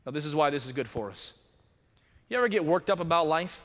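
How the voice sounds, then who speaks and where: High, bright-voiced preaching pastor man. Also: expressive, fast talker, long reverb tail. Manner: dynamic preaching, swinging from loud urgency to hushed low emphasis. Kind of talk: sermon. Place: church sanctuary.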